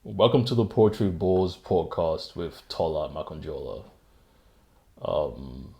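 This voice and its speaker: A man with a low, gravelly voice talks through his solo podcast from a home desk setup. He rambles and makes fun of himself, laughing often. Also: slow, warm tone. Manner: rambling, self-mocking, chuckles often. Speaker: podcast host. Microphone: desk microphone.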